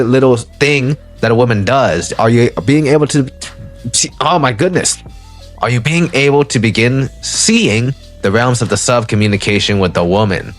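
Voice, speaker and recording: A man of middle pitch delivers a motivational dating lecture. He is emphatic and repeats himself, pressing the listener with rhetorical questions. Faint music plays behind him. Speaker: dating and self-help lecturer. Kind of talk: motivational monologue.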